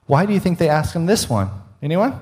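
A man's voice: a little high, big pitch swings, a little fast, darkish tone. A man preaching a sermon in a conversational, humorous way, often asking his listeners questions. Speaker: pastor.

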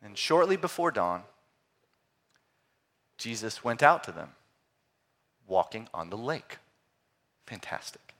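A middle-aged man preaching a sermon, animated, swinging from loud exclamations to hushed, quiet phrases. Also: on the low side, slow pace, pauses often. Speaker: pastor.

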